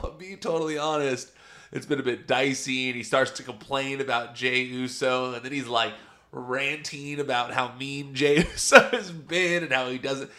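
A man's voice: medium pitch, sharp tone. A man giving a chatty, enthusiastic casual recap, rambling into asides as he goes. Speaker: wrestling show reviewer.

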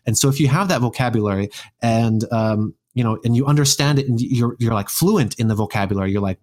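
This guest, an American man, has a fairly low, slightly mellow voice and talks fairly quickly. The conversation is casual, and he rambles with many restarts and fillers.

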